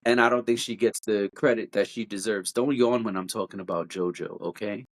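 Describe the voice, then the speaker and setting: A podcast co-host in casual, animated chat, teasing and opinionated. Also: fairly quick. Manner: animated, jumps pitch to mimic singers.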